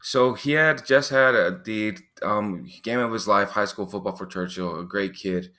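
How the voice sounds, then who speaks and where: A middle-aged man as a podcast guest, speaking haltingly with many pauses and throat clearing. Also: on the low side, sharp tone. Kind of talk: casual interview.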